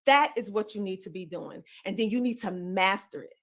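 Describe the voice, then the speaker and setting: A woman's voice: medium pitch, a little fast, a bit bright. A woman from the Southern United States with a country twang, giving an emphatic, preacher-like motivational speech as a podcaster and coach.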